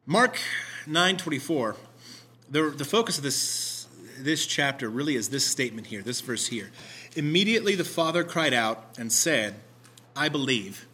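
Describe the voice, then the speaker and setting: Bright-voiced man preaching a sermon. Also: medium pitch. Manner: conversational, animated, self-deprecating asides. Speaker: pastor. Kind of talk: sermon with scripture reading.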